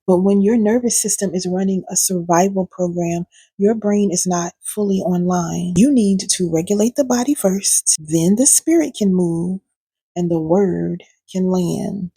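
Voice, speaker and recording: Woman coach, husky gravelly voice, dry close sound, sassy preachy teaching. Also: medium pitch, no room sound. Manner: warm preachy coaching with pet names and sass. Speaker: healing coach and video host. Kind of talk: direct-to-camera teaching talk.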